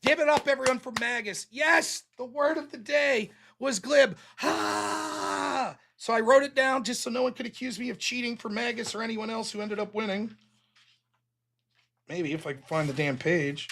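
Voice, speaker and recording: A man with a fairly high voice hosts a casual livestream. He reads viewers' paid messages aloud one after another. He answers each with a short thanks or a joke. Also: sharp tone, slight background noise. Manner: reads donor messages aloud with quick reactions. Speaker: show host reading Super Chats.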